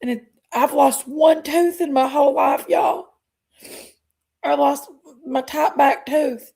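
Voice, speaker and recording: A middle-aged woman, chatting on her livestream in a halting, emotional way, sighing between phrases. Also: high-pitched, fairly even intonation, creaky, a little mellow. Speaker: livestream host. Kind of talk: casual livestream chat.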